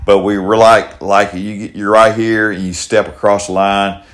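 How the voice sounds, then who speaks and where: Rambling older Kentucky man, low voice. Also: level tone, unhurried, fairly bright tone. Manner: rambling, repeats himself, folksy. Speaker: podcast host. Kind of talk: casual storytelling chat.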